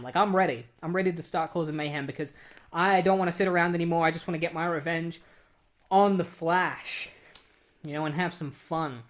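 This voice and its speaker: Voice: mid-range voice, steady tone, normal speed. A comic book reviewer giving a casual plot recap, chatty and full of fillers, with offhand asides.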